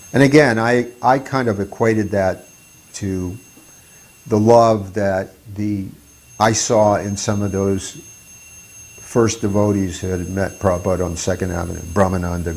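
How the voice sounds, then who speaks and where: An older man sharing memories as a devotee, reflective and halting, often restarting his phrases. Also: fairly low pitch, a little mellow. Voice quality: gravelly, husky. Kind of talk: reminiscing talk.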